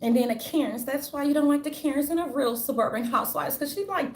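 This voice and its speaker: A woman's voice: high voice, fast, hardly any pauses. A woman vlogger ranting in a casual, blunt way, swearing freely and restarting her sentences as she goes. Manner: blunt, profane, rambling, with many restarts. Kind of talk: casual opinion rant. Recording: roomy echo, faint ambience.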